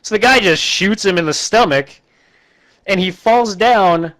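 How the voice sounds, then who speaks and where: A man with a slightly higher voice rambles through a movie recap in a deadpan, offhand way. He keeps slipping into quick, exaggerated character voices as he retells the scenes. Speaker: host recapping a bad movie. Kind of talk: casual comic movie recap.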